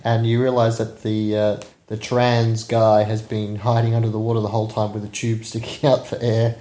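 Mellow-voiced man in an echoey room. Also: fairly low pitch, flat delivery, normal speed. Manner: loose retelling with fillers and chuckles. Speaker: podcast co-host reviewing a film. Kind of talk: casual chat recapping a movie. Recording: roomy echo.

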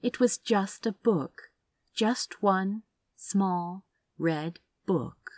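A woman reading a story aloud in a measured, expressive narration. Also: mid-range voice, dry recording. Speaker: reader.

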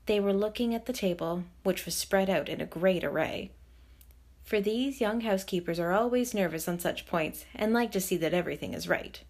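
A woman of medium pitch performs an audiobook narration of a classic novel, measured and expressive as she tells the story.

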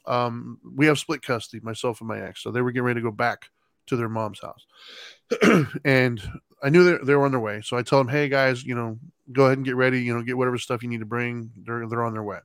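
A man's voice: mid-range voice, fast, no room sound. A middle-aged man telling a story in a casual chat, laughing as he goes and acting out other people's lines. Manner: animated, laughs while telling, acts out his kids' lines. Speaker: podcast co-host.

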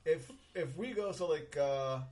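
A man's voice: on the high side, measured pace, darkish tone. A middle-aged man co-hosting a casual podcast, rambling with lots of ums, restarts and offhand swearing. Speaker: podcast co-host. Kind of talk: casual chat.

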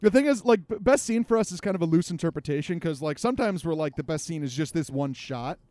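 A young adult man co-hosting a podcast, joking and animated, swearing freely in casual chat. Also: a little high, fast talker. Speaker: podcast co-host.

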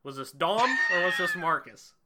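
A man's voice: sits high, sing-song, moderate pace, heavy background noise. A young man hosting a casual gaming podcast, talking loosely and animatedly, swearing freely with lots of fillers. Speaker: podcast host.

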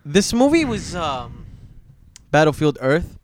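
A young man hosting a casual podcast, talking in a low-energy, laid-back way with lots of swearing. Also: very animated, slow, crowd noise. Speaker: podcast host. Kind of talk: casual chat.

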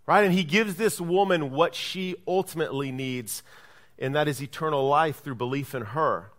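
Preach it as a pastor, a man with a somewhat high voice, engaging the congregation and checking in with them often. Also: moderate pace, fairly bright tone. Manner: engaging, checks in with listeners by asking "right?"; acts out quoted speech in shifting voices. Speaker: lead pastor. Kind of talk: sermon.

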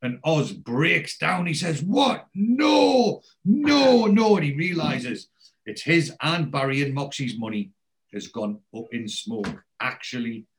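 An unhurried male podcast host with a medium-pitched voice goes over a TV episode in a casual tone. As he retells it, he lively acts out the lines the characters spoke.

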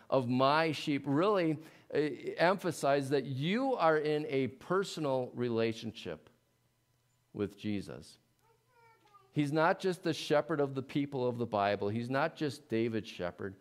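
A male pastor preaching a sermon in an earnest way, swelling into emphatic pleading and then dropping soft. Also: medium pitch, lively intonation, unhurried.

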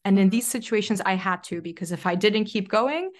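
A woman's voice: mid-range voice, a little fast. A young adult woman, a podcast guest, telling a personal story in a chatty way, full of "like" fillers. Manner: chatty, frequent "like" fillers, animated retelling. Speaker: podcast guest, self-leadership coach. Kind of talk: casual interview storytelling.

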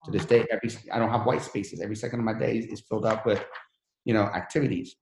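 A man's voice: lowish voice, flat delivery, quick pace, creaky, a little mellow, echoey room, slight background noise. A man who came to the country as a refugee, telling his life story in an interview in an earnest, motivational way. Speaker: guest.

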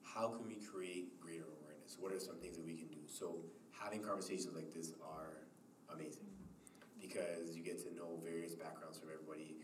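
Male podcast host, very low voice, fast delivery, recorded far from the mic in an echoey, noisy room. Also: steady tone. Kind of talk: hosting a discussion podcast.

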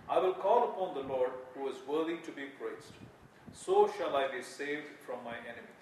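A man reads scripture aloud at a steady, measured pace, his fairly high voice picked up from far across a very echoey room. Faint noise hangs behind him. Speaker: scripture reader in a church service.

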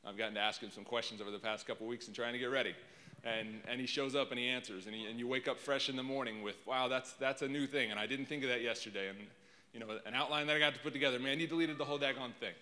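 A man's voice: mid-range voice, steady tone, racing. A man, preaching as a guest speaker into a handheld mic, tearful and self-deprecating, rambling as he speaks. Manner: emotional, rambling, self-deprecating, warm to crowd. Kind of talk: sermon opening. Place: church sanctuary before a congregation. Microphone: handheld microphone. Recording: reverberant church hall.

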